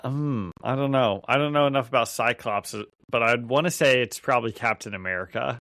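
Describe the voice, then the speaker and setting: A man's voice: medium pitch, brisk, bright, forceful tone, dry recording, studio quality. A man co-hosting a podcast, chatting casually and easily, with some hesitant fillers. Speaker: podcast co-host.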